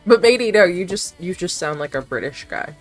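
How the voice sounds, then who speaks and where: A woman's voice: fairly low pitch, lively intonation, fairly quick, faint music behind. A young woman streamer chatting casually with her chat, rambling, giggling often and swearing offhand.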